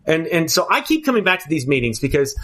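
A man's voice: on the high side, sing-song, quick pace, a bit bright. A man speaking candidly at a twelve-step recovery meeting, earnest and emphatic, often restarting his phrases.

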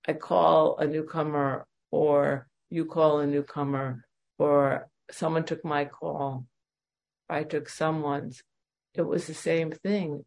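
A woman's voice: low voice, vocal fry, a little mellow. A woman in her forties sharing a candid, emotional personal testimony with self-deprecating humor at a recovery meeting. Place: at home.

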